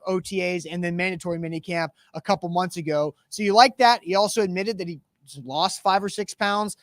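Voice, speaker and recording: A man's voice: high-pitched, fairly bright tone, no room sound, clean studio sound. A man hosting a live sports talk show, chatting casually about football and reading sponsor plugs with energy. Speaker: sports podcast host.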